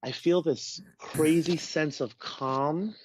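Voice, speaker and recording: Animated man telling a story. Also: fairly high pitch, takes it slowly, breathy edge. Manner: animated, acts out quoted voices. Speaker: podcast guest. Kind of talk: casual personal storytelling. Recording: dull, dry podcast audio.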